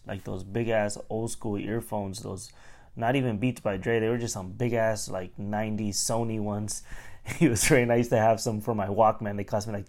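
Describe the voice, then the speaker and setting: Man telling a rambling, profane story. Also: mid-range voice. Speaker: podcast host. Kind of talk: casual storytelling.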